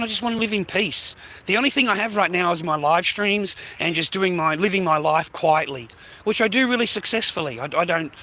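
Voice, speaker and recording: A little high, bright and forceful, an Australian man's voice carries a slight hiss or hum as he walks outdoor streets with his phone for a walk-and-talk live stream. He rambles chattily, calls everyone "mate" or "bro," and swears now and again.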